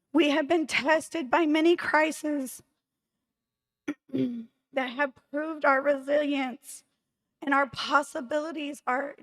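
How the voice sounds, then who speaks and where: A woman speaks in a hoarse, high voice, working through a prepared campaign speech. Her delivery is slow and deliberate, measured and formal. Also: low-quality recording. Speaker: candidate for vice chair.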